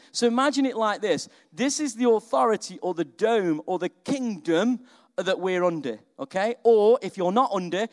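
A man preaching a sermon in a lively, conversational way, often asking his listeners questions. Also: sits high. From England.

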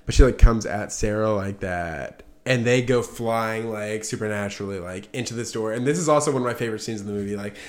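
A man's voice: fairly low pitch, brisk, hardly any pauses. A young man co-hosting a podcast, casually retelling a film's plot in a loose, rambling way with lots of "like". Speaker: podcast co-host. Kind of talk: casual movie chat.

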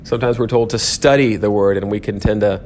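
A man's voice: lowish voice, fairly even intonation, brisk, a little mellow, a little hiss or hum. A man teaching an informal Bible lecture at a church, talking conversationally and correcting himself often, with many "um"s and "okay?"s.

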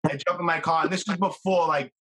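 Bright-voiced man in quick casual chat. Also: fairly high pitch, husky, low-quality recording. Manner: quick, lively storyteller, swears casually.

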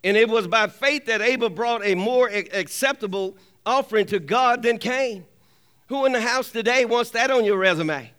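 Preaching at normal speed, this man has a high, ringing voice that stays smooth and clear, with a fairly bright tone. He uses call-and-response to push the congregation for an amen and says his key points twice for emphasis.

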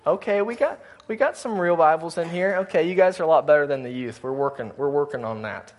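A man's voice: on the high side, fast. A male pastor preaching a sermon in a church, earnestly speaking to his congregation and reading scripture aloud. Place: church sanctuary.

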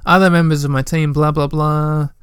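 A man's voice: on the high side, level tone, moderate pace, fairly bright tone, clean tone, no room sound, clean studio sound, close to an everyday voice. A man reading out the journal of an exasperated middle-aged male scientist in a fairly plain voice. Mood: grumbling. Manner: complaining, exasperated.

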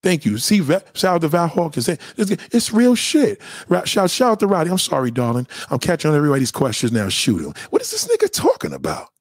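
Brief: young adult male streamer, husky, animated pitch, heated profane slang rant, dry close sound. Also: a little fast, few pauses, dry recording. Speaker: livestream host answering chat. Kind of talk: casual livestream rant.

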